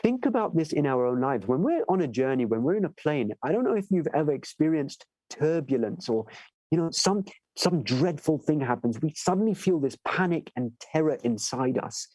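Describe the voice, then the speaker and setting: A man giving a sermon, telling stories with animated delivery and asking listeners "right?" as he goes. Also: on the high side, moderate pace, no room sound, low-quality recording. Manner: animated storyteller, acts out voices in tales. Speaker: shaykh giving a majlis lecture. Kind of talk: sermon with storytelling.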